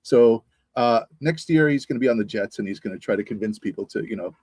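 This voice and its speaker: Man, husky voice, lively pitch, teasing banter, dry close sound. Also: fast talker, no echo. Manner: teasing, joking reasoning. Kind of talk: casual chat.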